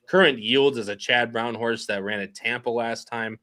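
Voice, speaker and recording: Bright-voiced chatty male podcast host. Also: medium pitch, steady tone, moderate pace. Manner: chatty, laughs often, reads live chat aloud. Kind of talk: casual horse racing podcast chat.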